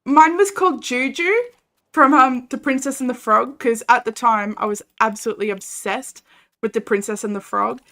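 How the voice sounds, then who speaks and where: A woman's voice: a little high, steady tone, moderate pace, a bit bright. A young Australian woman chatting casually and animatedly while streaming a game, reading chat and laughing often.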